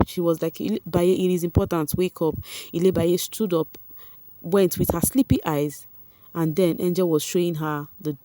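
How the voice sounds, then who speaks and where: A woman with a Nigerian accent recapping reality-show events for her viewers in a chatty, animated way, often turning to address them directly. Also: lowish voice, no room sound. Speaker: vlogger.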